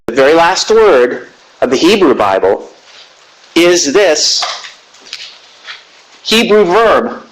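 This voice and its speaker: Man, lecturer, classroom lecture, animated, rhetorical questions, slow scripture reading. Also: a little high, slight background noise, poor audio.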